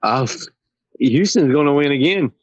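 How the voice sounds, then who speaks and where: A man on a sports podcast panel, chatting casually, animated and swearing freely. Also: on the high side, unhurried, no echo, highs cut off. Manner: profane and animated.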